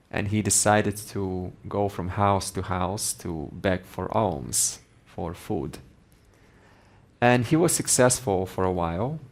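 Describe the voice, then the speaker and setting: A man teaching Vedanta, telling a story in a measured, gently emphatic way. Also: fairly low pitch. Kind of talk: storytelling in a spiritual lesson.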